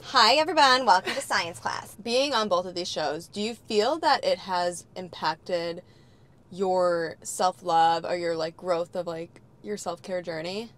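A woman's voice: on the low side, takes it slowly, slight background noise. A young woman hosting a casual chat, brash and joking, swearing freely. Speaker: host.

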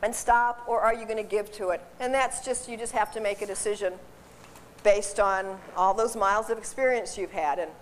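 A woman who works as a dog behavior consultant, giving a seminar in a chatty, animated way, laughing often and repeating her words. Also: medium pitch, moderate pace, a little hiss or hum. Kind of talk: informal seminar talk. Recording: distant voice in a reverberant hall.

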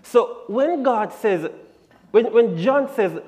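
A man teaching a Bible lesson in church, deliberate and emphatic, leaning hard on key words. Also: high voice, darkish tone. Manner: deliberate and emphatic, building to strong stresses. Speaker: Sabbath School lesson presenter. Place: church sanctuary. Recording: long church-hall reverb.

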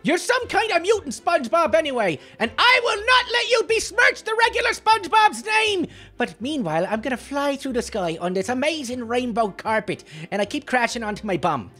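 A man voicing a clumsy, short-tempered male leprechaun with a put-on Irish accent, giving boastful, shouty commentary on a game. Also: extremely high pitch, big pitch swings, a little fast, hardly any pauses, soft background music, exaggerated voice. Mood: excitable. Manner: giddy, boastful, shouty taunting. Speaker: gameplay commentator.

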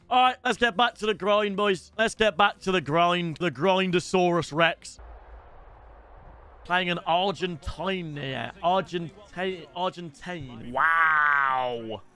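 A young British man streaming a football game, chatting with viewers and swearing in loud outbursts. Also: sits high, measured pace, clear, resonant tone, soft background music. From Britain. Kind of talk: casual game stream chat.

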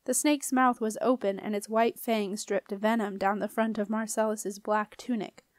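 A woman reading a children's fantasy novel aloud, with steady, expressive storytelling. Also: mid-range voice, normal speed, dry recording, studio quality. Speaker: audiobook reader. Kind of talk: audiobook narration.

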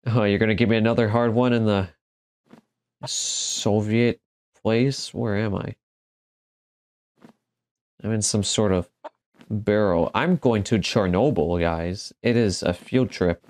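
Jokey low-voiced gamer guy. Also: fairly even intonation, takes it slowly, pauses often, darkish tone. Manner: jokey, exclaims and talks back to the game. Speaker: gaming commentator. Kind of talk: casual let's-play commentary.

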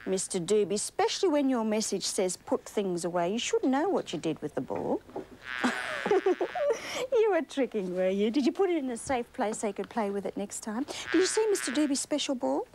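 Lively, coaxing Australian woman TV host. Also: a little high, normal speed, very noisy. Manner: coaxing, sing-song, asks many tag questions. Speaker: children's TV host. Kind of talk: talking to young children on a TV show.

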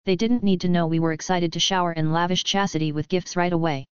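Woman, audiobook narrator, steady first-person reading, low, very clear, dry recording. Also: fast talker, dry recording. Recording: dry, slightly muffled recording.

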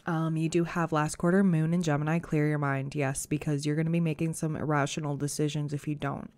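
A woman giving a casual, chatty pick-a-card tarot reading, reassuring and full of fillers, her voice a bit rough today. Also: low voice, flat delivery, a little fast, darkish tone, no echo. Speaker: tarot reader.

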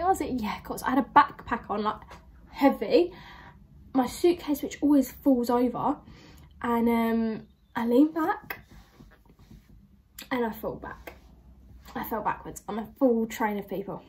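Young woman, reaction vlogger, bubbly rambling anecdotes, slightly raised pitch. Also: measured pace, pauses often. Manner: chatty, animated, laughing through stories. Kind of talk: casual reaction vlog storytelling.

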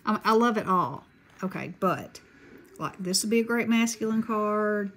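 A woman's voice: mid-range voice, expressive, normal speed, a bit bright, poor audio. A middle-aged woman with a Southern accent chatting casually and gushing as she shows off a craft haul. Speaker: craft vlogger. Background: paper crinkling.

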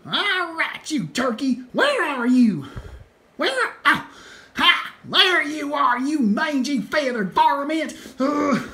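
A woman voicing a bumbling hillbilly farmer out hunting turkey for a puppet show comedy, full of folksy rural slang and loud hollers. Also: high voice, very animated, slow pace, exaggerated voice. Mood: boastful.

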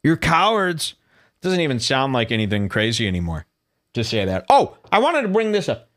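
Male podcast host, solo rant, lively swinging pitch, incredulous. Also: a little fast. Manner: animated, incredulous ranting, reading posts aloud. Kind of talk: solo commentary show.

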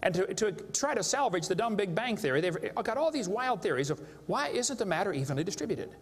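A man's voice: high voice, big pitch swings, fairly quick, husky. A man giving a live seminar lecture to an audience, joking and emphatic as he plays to the crowd. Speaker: creationist speaker. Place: large hall with a live audience. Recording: echoey hall with faint background noise.

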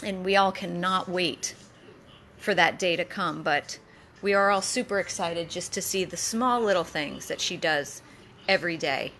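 A woman from a dog rescue, giving a casual video update in a soft, loose, chatty way, recorded indoors on a handheld camera. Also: fairly low pitch, moderate pace, a little hiss or hum.

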